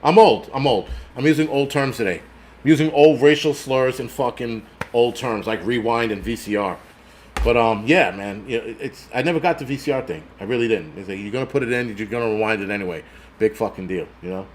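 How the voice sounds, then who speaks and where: A man's voice: medium pitch, a little fast, slight background noise. A middle-aged man hosting a channel in a casual, rambling, profane livestream rant, laughing often and answering chat comments. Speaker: prepper channel host.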